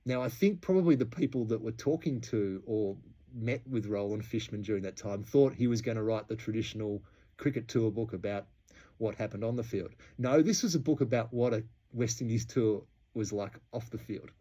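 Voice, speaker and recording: A man's voice: fairly low pitch, normal speed, warm tone. An Australian man hosting a history podcast, telling the story in a chatty way and laughing between points. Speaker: podcast host.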